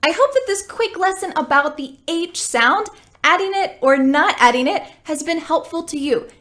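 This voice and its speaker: A woman teaching English pronunciation, speaking clearly and slowing down to model sounds for learners. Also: very high-pitched, expressive, fairly bright tone. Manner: slow, deliberate modeling of sounds. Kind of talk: pronunciation lesson.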